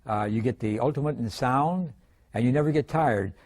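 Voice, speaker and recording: An older man giving a drum lesson, explaining stick grips in a calm, methodical way with frequent pauses. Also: medium pitch, breathy edge. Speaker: drum instructor. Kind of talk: demonstrating drum technique.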